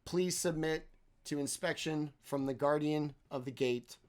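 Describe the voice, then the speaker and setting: A man's voice: a little high, a little slow, darkish tone, natural voice. A man voicing a cheerful robotic gate greeter construct that speaks like a stiff recorded announcement. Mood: announcing. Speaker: game master.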